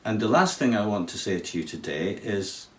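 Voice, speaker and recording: A man's voice: lowish voice, animated, moderate pace, far from the mic. A man explaining mild swearing in a chatty, wry video lesson, with humorous asides. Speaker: English teacher. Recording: roomy, off-mic sound.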